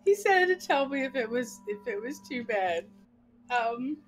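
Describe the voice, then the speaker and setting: A middle-aged woman chats as a podcast co-host, telling a rambling story. Her high, swooping voice stays animated, and she acts out everyone's lines. She laughs often as she goes. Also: measured pace, slight background noise. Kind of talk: casual storytelling chat.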